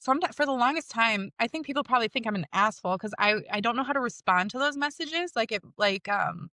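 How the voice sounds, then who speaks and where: A young woman guest chats on a podcast, giggling and rambling through lots of fillers. Her voice sits slightly high, and the recording is dry and close. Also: lively intonation, fast talker, sharp tone, dry recording. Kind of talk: casual interview chat.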